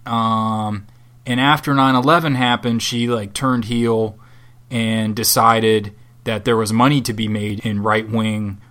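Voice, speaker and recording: A man's voice: fairly low pitch, level tone, unhurried, a bit bright, clear, resonant tone. A man co-hosting a podcast from Southwest Florida, chatting casually in a rambling, sardonic and profane way. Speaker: podcast co-host. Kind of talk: casual chat.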